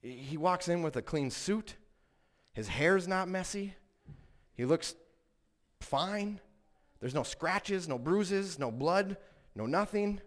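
A man's voice: high-pitched, lively intonation, takes it slowly, long pauses. A man preaching a sermon in an earnest way, rising to emphatic peaks and telling stories with quoted voices.

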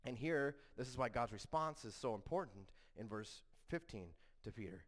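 Male pastor, mid-pitch, casual teaching sermon with frequent restarts. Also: expressive, moderate pace. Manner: conversational, frequent restarts and rhetorical "right?".

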